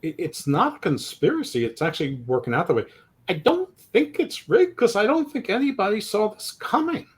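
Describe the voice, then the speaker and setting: A man's voice: high-pitched, big pitch swings, moderate pace, slightly rough. A man co-hosting a casual sports podcast, rambling with stammered restarts and self-deprecating jokes. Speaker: podcast co-host.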